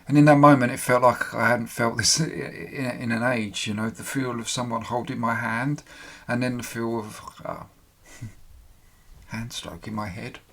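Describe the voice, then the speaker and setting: Male storyteller, mid-pitched, emotional halting delivery, pauses and restarts, candid personal account. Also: fairly even intonation, a bit bright. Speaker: storyteller recounting his own experience.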